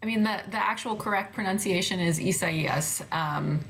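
A woman's voice: mid-range voice, brisk, creaky, a bit bright. A woman weather reporter answering interview questions, hesitant with frequent fillers and restarts.

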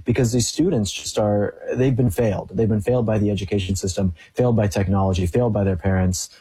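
Fast-talking young man, dark husky voice. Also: lowish voice, poor audio. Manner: storytelling, animated when quoting others. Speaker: guest. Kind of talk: casual interview talk.

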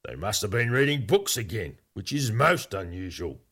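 A man's voice: fairly low pitch, big pitch swings, moderate pace, fairly bright tone, breathy edge, exaggerated voice. A man voicing a wry male pirate captain who muses dryly in a storybook reading.

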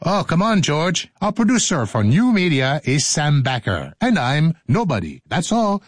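A man's voice: fairly high pitch, very animated, normal speed, no echo. A man hosting a radio show in a studio, joking and laughing through outtakes and stories, sometimes slipping into a sing-song voice. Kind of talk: playful studio banter and storytelling.

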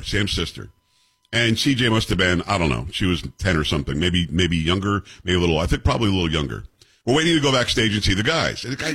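A middle-aged man hosting a talk radio show, telling stories in an emphatic, animated way. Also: on the low side, husky. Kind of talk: casual talk radio chat.

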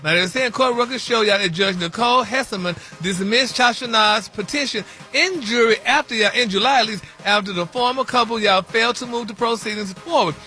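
Man, flamboyant sing-song gossip reporter, high pitch, bright tone, radio morning show. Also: fairly quick, hardly any pauses. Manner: sing-song, flamboyant, peppered with y'all and honey. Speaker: celebrity news reporter.

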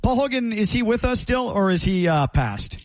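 A man with a high voice co-hosts a talk show, recorded dry and close. He laughs easily and answers in short, easygoing reactions. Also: big pitch swings, moderate pace, no room sound. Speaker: radio show co-host. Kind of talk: casual banter.

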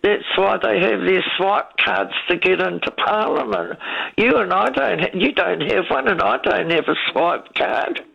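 A woman's voice: lowish voice, big pitch swings, measured pace, vocal fry, slightly rough, highs cut off. A woman calling in to a radio show and chatting emphatically with the host over the phone. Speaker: caller. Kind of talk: phone-in chat.

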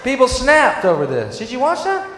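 A man doing a sarcastic stand-up rant, dropping to low mutters and then shouting. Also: huge pitch swings, normal speed, reverberant, in a large hall, crowd noise. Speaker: stand-up comedian.

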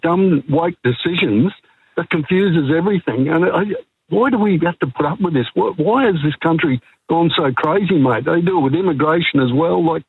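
A man's voice: a little high, normal speed, slightly rough. A man calling in to talkback radio, rambling and indignant. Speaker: caller. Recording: tinny phone line.

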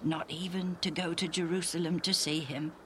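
A woman's voice: lowish voice, steady tone, slight background noise, natural voice. Woman doing a kindly, earnest older man. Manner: slow, earnest, gently chuckling. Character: kindly, cheerful man, healed and grateful. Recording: music playing underneath.

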